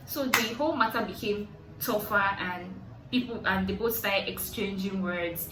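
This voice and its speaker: A young adult Nigerian woman with a Nigerian accent, vlogging, telling a story with lively, high-pitched outbursts when she quotes people. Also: normal speed, far from the mic. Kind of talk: animated storytelling. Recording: echoey room, voice set back from mic.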